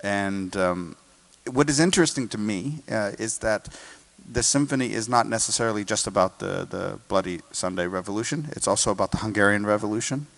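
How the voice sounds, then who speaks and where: A man's voice: fairly low pitch, brisk, creaky, few pauses, a bit bright. An American man, a guest conductor, explaining a symphony in an interview and singing snippets of melody to make his points. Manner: sings and hums melodies to illustrate points.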